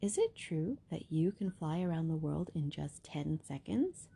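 A woman's voice: low-pitched, very animated, unhurried, gravelly, warm tone, slightly rough, exaggerated voice. A woman voicing a clever, bold young princess who speaks eagerly and exclaims.

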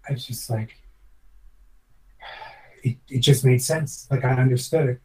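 A man's voice: medium pitch, fairly even intonation, unhurried, darkish tone, distant mic, low-quality recording. A former chef, a man, telling a long personal story in a podcast interview, reflective and earnest, rambling with many restarts.

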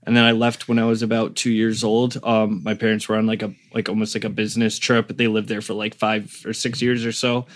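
A man's voice: on the low side, monotone, brisk, few pauses. A young man from Connecticut chatting casually as a podcast guest, rambling with lots of fillers. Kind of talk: casual chat.

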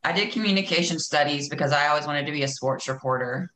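A young woman chatting casually as a guest, telling stories in a quick, chatty way. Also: sits low, echoey room, a loud crowd, low-quality recording. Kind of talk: casual chat.

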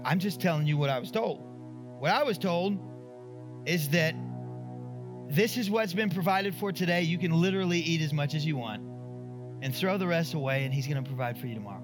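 Animated preaching man, faint music behind. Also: a little fast, big-room sound. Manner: animated, acts out quoted voices, rises to high emphatic pitch. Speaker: pastor. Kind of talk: sermon.

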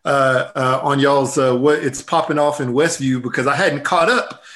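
A man appearing as a guest on a podcast over a video call, chatty and excited, repeating himself. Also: mid-range voice, normal speed. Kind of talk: casual podcast chat. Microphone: remote video call.

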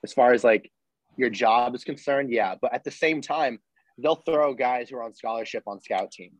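A young man, a former college football walk-on, telling a story as a podcast guest in a loose, animated way, swearing freely and restarting sentences. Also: medium pitch, normal speed, dry recording, rough recording. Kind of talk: casual interview storytelling.

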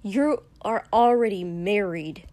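Woman reading as a prim young prince, all formal and offended, slow talk. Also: mid-range voice, mellow, natural voice. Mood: indignant. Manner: clipped, formal, indignant. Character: stiff, proud young prince, formal and indignant.

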